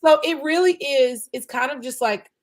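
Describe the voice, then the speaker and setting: A woman's voice: sits high, normal speed. A woman guest on a podcast, talking casually and chattily, with lots of "like" and "you know".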